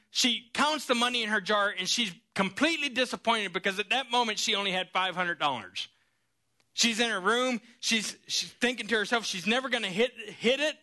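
A man preaching a sermon, telling a story in an animated, lively way. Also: extremely high pitch.

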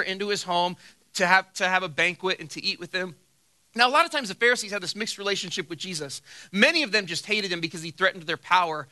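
A man's voice: high-pitched, fast, bright, forceful tone. A man preaching a sermon as pastor, telling a funny personal story with acted-out quotes before turning to scripture. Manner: storytelling with acted quotes and self-deprecating humor.

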